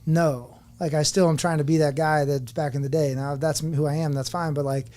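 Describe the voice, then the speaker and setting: A man in his forties, appearing as a podcast guest, candidly tells his story and speaks openly about personal struggles in an earnest, reflective manner. His voice is fairly high and dark in tone, brisk, with fairly even intonation.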